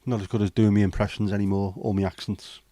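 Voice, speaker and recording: A middle-aged man chats casually on a livestream, voicing viewer comments and replying to them bluntly with plenty of swearing. His lowish voice is mellow and level, his pace quick, and there is no echo.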